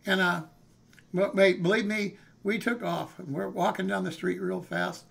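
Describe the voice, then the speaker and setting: An older man tells a story in a rambling, folksy way, his voice pitched high and bright with a gravelly rasp. He is in his sixties, and he chats straight to his live-stream viewers. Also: unhurried, long pauses. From California, USA. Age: 60s. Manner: folksy, rambling, calls listeners "man" and "hey". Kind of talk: casual storytelling.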